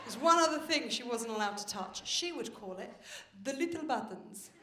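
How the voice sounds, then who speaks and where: A woman's voice: a little high, lively intonation, brisk. A woman performing a live stand-up routine, chatty and confiding, swearing casually. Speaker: stand-up comedian. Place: comedy venue stage with live audience. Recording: roomy live venue with audience noise.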